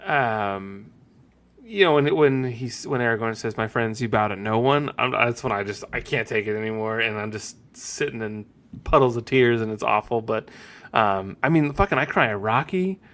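A man's voice: mid-range voice, normal speed, a bit bright. A man in his forties hosting a podcast, chatting casually and laughing often. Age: 40s. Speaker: podcast host. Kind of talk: casual chat.

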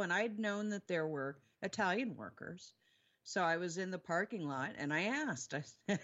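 A woman paranormal investigator telling her experiences in a casual interview, animated and laughing often. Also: fairly low pitch, moderate pace, muffled recording.

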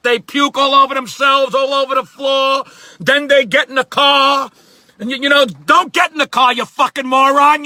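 A man doing a shouting foul-mouthed New York grump. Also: extremely high pitch, no echo, heavily acted. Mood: angry rant. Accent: New York area. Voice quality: shouting, cursing rant.

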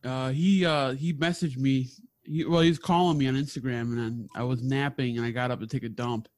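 A man's voice: mid-range voice, steady tone, a little fast, no room sound. Sarcastic young man, dry close sound. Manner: teasing, sarcastic. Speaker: podcast co-host. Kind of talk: casual chat.

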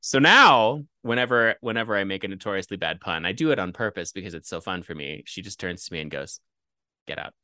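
A man chats casually as a podcast co-host, making puns and often laughing. His voice rises and falls with lively movement. The sound is close and dry. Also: sits low, fairly quick, no echo. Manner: playful, punning, laughs often. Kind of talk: casual chat.

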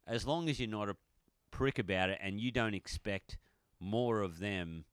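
A man's voice: lowish voice, normal speed, clean tone, dry recording, studio quality. A young Australian man co-hosting a podcast, chatting in a laid-back, agreeable way with plenty of swearing. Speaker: podcast co-host. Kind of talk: casual chat.

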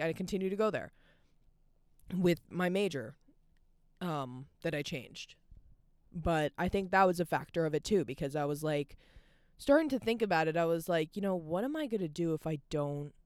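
Her voice sits on the low side, slightly mellow and clean-toned, captured dry at studio quality. She's a young adult woman alone behind the mic, delivering a candid, confessional podcast monologue. She rambles openly, with "like" turning up in nearly every phrase.

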